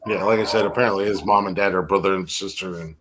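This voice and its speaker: A man's voice: deep voice, steady tone, fast, crowd noise, low-quality recording. A man co-hosting a podcast, rambling and boasting with crude language. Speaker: podcast co-host. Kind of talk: casual crude banter.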